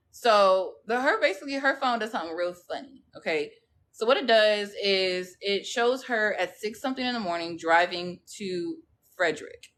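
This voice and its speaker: A woman's voice: medium pitch, fairly bright tone. A woman hosting a true crime livestream, chatting casually and gossipily with her viewers and often checking in with them. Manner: chatty, gossipy, slangy, keeps checking in with "okay?". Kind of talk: casual chat with live viewers.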